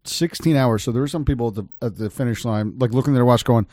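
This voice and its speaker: A man co-hosting a casual talk show, teasing and sarcastic in quick back-and-forth banter. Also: medium pitch, a little mellow. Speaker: co-host.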